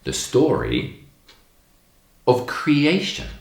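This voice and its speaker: A man telling stories to young children in a lesson, expressive and emphatic, acting out the lines in a story. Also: mid-range voice, very slow, gravelly, reverberant.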